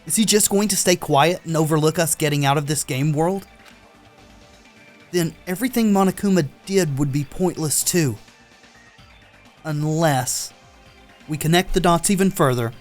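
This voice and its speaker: A man giving casual let's-play commentary, excited and talking back to the characters on screen. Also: on the high side, moderate pace, pauses often, faint music behind. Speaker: gameplay commentator.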